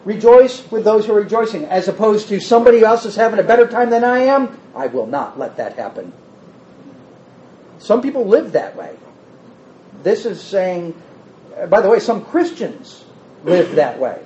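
A man's voice: sits high, normal speed, lo-fi sound, slight background noise. A man giving a conversational sermon, reading scripture aloud and talking directly with his congregation. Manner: animated, talks with the congregation, reads scripture aloud. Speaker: pastor or Bible teacher.

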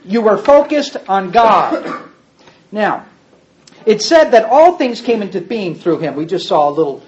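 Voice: medium pitch, darkish tone, dull audio. A preacher giving a sermon with slides, speaking to the congregation in a folksy way and pointing at the pictures while explaining.

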